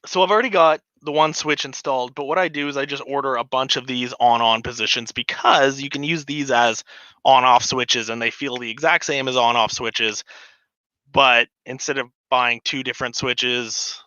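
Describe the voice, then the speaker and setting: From his hobby room, a man hosts a casual live stream, talking in an easygoing, chatty way and laughing often. His medium-pitched voice is bright and forceful, with a clean tone and no room sound. He uses a desk microphone, and the recording sounds slightly dull and lo-fi.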